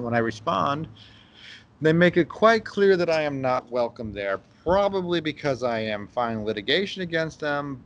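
A man hosting a casual radio-style talk show. He speaks bluntly and gives strong opinions, restarting his sentences as he goes. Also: mid-range voice. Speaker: host.

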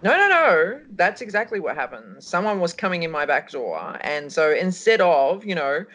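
Animated woman co-hosting a chat show. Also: lowish voice, normal speed. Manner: animated, storytelling, rambling. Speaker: co-host. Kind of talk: casual radio show chat.

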